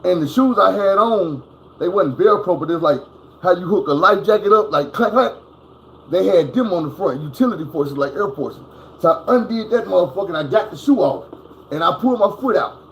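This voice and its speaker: Telling a personal story indoors at home, a man uses a high-sitting voice, with slight background noise present. His delivery is casual, vivid and profane, complete with acted-out crashes and sounds.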